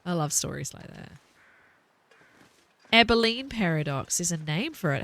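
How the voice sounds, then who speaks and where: Kiwi lady streamer rambling along, bright forceful voice, laughs a lot. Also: fairly low pitch, lively intonation, unhurried. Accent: New Zealand. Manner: chatty, rambling, laughs often. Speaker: game streamer. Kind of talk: casual chat while streaming.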